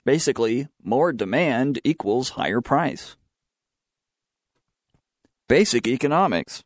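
Young opinionated talk host, dry studio. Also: male voice, mid-range voice, animated, slow pace, no room sound. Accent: Southern American. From southern United States. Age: young adult. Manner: sarcastic, opinionated, reads news aloud. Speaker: student talk show host. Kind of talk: opinionated talk radio monologue.

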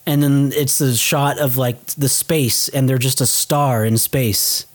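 Animated young man retelling a film. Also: medium pitch, unhurried. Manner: animated retelling, swears casually, acts out quoted lines. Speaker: podcast co-host. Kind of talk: casual film recap chat.

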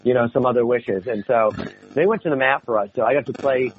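Male American voice actor, animated interview storyteller, mid pitch, faintly noisy lo-fi recording. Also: quick pace. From United States. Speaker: voice actor guest. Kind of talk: casual interview chat.

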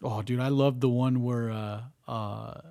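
A man's voice: medium pitch, fairly even intonation, unhurried, vocal fry, warm tone. Joking, laughing podcast man. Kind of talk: casual chat.

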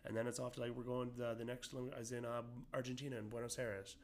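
Man, speaking in a medium pitch in a casual interview. He rambles and restarts often, with plenty of likes and ums, in a relaxed, conversational way. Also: quick pace. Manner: rambling, many fillers and restarts. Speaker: amateur boxer guest.

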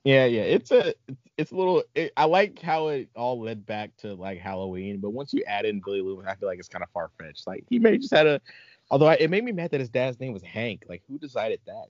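A man hosting a casual podcast chat, animated and laughing often. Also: mid-range voice, fairly quick, no echo. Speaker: podcast host. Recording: dull lo-fi recording.

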